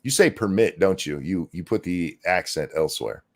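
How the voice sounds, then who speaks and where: A man's voice: low voice, animated, normal speed. A middle-aged man co-hosting a live political reaction stream, talking in a loose, jokey, often profane way. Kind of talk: casual live reaction chat.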